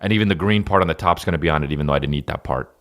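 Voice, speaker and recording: Podcast host, male, very low voice, profane rambling comic, casual solo rant. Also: racing. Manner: profane, rambling comic riffing with sudden loud jumps. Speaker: podcast host and stand-up comedian.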